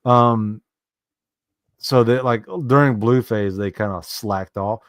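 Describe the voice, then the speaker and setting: A man's voice: on the low side, fairly even intonation, smooth, no echo, clean studio sound. A man chatting casually about army training, often stumbling and repeating words. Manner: halting, repeats words, quick asides. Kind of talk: casual chat.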